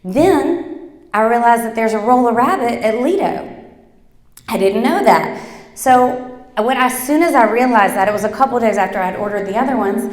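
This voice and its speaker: A middle-aged woman giving a motivational talk, chatty and animated, sprinkling in fillers as she tells her story. Her voice sits a little high. It rings through a large hall with a long, roomy reverb. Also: moderate pace. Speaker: workshop speaker. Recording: echoey hall.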